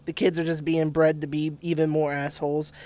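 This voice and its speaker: A man in casual podcast chat, telling a story in an animated, profane way with laughs breaking in. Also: on the high side, fairly quick.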